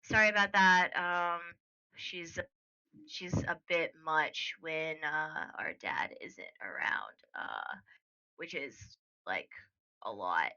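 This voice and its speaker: A woman's voice: sits low, very animated, slow, sharp tone, clean tone, muffled recording, pitched below the performer's own voice, full character voice. A woman voicing apologetic young twins, sheepish and casual in manner.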